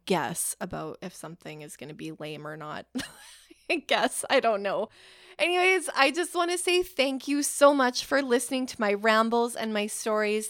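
A woman's voice: mid-range voice, dry recording, studio quality. A Canadian woman in her thirties, hosting a podcast and telling stories in a rambling, profane, self-mocking way. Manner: chatty, rambling, profane, laughs at herself. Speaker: podcast host. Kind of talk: casual storytelling monologue.

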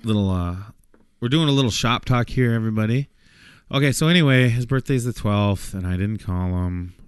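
Rambling, swearing podcast host. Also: male voice, mid-range voice, brisk, smooth, dry recording, studio quality. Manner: rambling, swears freely, laughs often. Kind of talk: casual podcast banter.

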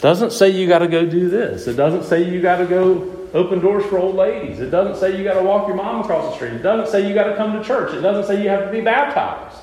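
A man's voice: high-pitched, a little fast, few pauses. A man preaching a sermon who keeps putting questions to his listeners and hammers his points home. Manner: lively, questioning the audience, emphatic. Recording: echoey room with faint ambience.

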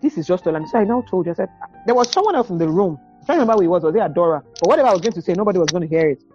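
A woman's voice: on the low side, expressive, racing, mellow, muffled recording, soft background music. A woman guest on a podcast, chatting candidly and telling a story, often acting out old dialogue and laughing. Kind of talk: candid conversation.

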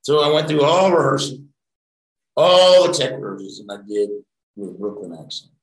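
A middle-aged actor telling rambling, profane anecdotes in a casual interview. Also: male voice, mid-range voice, sing-song, normal speed, reverberant, rough recording.

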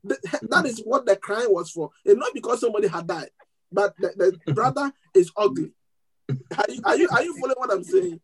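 A man preaching to a congregation. He tells a story in an animated way, often restarting his words and laughing as he goes. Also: high-pitched, quick pace, a crowd in the background, poor audio. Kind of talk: sermon storytelling.

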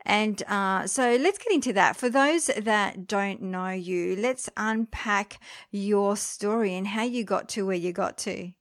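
A woman's voice: medium pitch, measured pace, dry recording, studio quality. A woman hosting a podcast, reading an introduction and then chatting in a friendly, filler-filled way. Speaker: podcast host. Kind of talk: scripted intro, then casual chat. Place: Australia.

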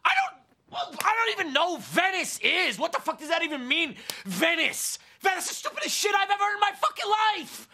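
A cocky, drunken rich husband bellows with a gravelly, bright edge. His pitch swings wildly as he howls and croons. It sounds like a film clip heard from across the room. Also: big pitch swings, brisk, exaggerated voice. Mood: outraged. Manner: shouting, slurring, overacted.

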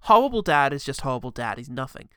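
A man co-hosting a casual film review podcast, sardonic and quick to laugh. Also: mid-range voice, clean tone, no room sound, studio quality. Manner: sardonic, animated, laughs often.

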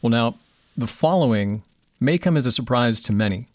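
A man's voice: medium pitch, expressive, moderate pace, no echo. Affirming male interview host, dry sound. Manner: affirming, conversational, frequent mm-hmms. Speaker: podcast host.

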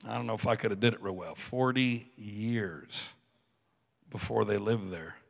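A man preaching a sermon in a church with animated delivery, acting out biblical figures with joking asides. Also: fairly low pitch, normal speed, gravelly. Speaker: pastor. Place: church sanctuary. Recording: reverberant church hall.

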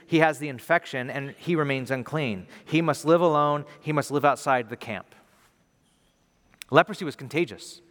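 Man preaching in a reverberant hall. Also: on the high side. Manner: conversational, animated, drops to soft emphasis. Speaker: pastor. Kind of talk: sermon.

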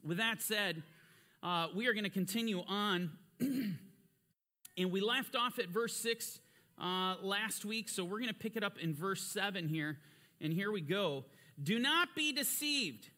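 Fervent, bright-voiced man preaching. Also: high-pitched, unhurried. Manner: emphatic, rising to fervent emphasis with rhetorical questions. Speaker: Bible teacher. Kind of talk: sermon-style Bible teaching.

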